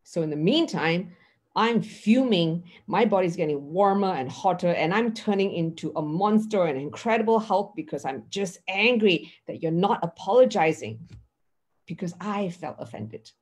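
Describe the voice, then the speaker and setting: A middle-aged woman giving an earnest mindfulness teaching talk, acting out dialogues with lively emphasis. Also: on the low side, moderate pace, husky.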